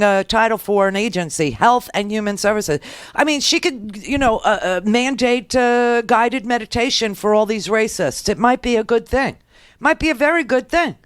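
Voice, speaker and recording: A woman's voice: fairly high pitch, no room sound, clean studio sound. Sarcastic woman radio talk host. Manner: sarcastic, rambling, laughing asides. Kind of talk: political talk radio commentary.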